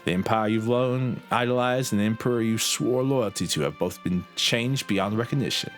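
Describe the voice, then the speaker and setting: A man doing a calm, scheming old strategist. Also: on the low side, normal speed, soft background music, close to an everyday voice. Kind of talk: reading game dialogue aloud on stream.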